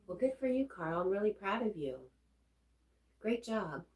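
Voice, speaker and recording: A woman hosting a casual livestream, greeting viewers and reading their chat comments aloud in a relaxed, chatty way. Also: medium pitch, moderate pace, low-quality recording.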